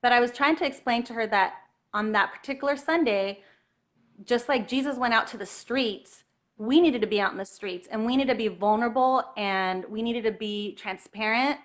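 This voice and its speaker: A woman telling a personal story in an earnest, animated way, at times close to tears. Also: on the high side, moderate pace. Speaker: guest telling her story.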